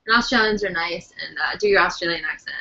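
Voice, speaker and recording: A woman's voice: on the low side, quick pace, bright, forceful tone. A woman co-hosting a live video chat, chatty and giggly as she reads out viewer questions. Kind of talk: casual chat. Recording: dull lo-fi webcam audio.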